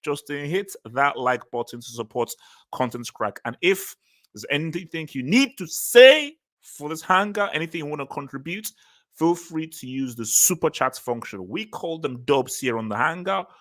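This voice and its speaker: A man's voice: fairly high pitch, lively intonation, moderate pace, fairly bright tone. A man hosting a casual football livestream, talking loosely with repeated phrases and easy laughs. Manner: loose, repetitive, laughing easily. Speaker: host.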